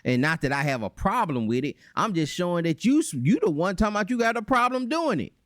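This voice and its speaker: A man hosting a reaction commentary, animated and mocking, breaking into voices to make his points. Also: high voice, fast talker, dry recording, studio quality. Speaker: channel host.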